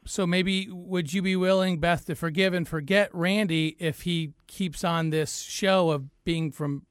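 A man's voice: sits high, fairly even intonation, a little slow, clean tone, no echo. A man co-hosting a morning radio show, teasing. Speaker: radio co-host.

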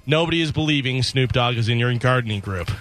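A man's voice: mid-range voice, expressive, fast talker, a bit bright. A man hosting a radio comedy segment, teasing his co-hosts and reading jokes. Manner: runs the segment, teases co-hosts. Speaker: radio show host. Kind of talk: joking banter.

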